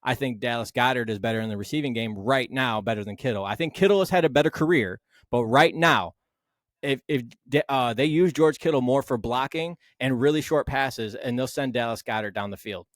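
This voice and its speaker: Man, sports podcast co-host, casual debate, animated and argumentative, dry close sound. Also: medium pitch, fairly quick, no echo. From Philadelphia Eagles fan.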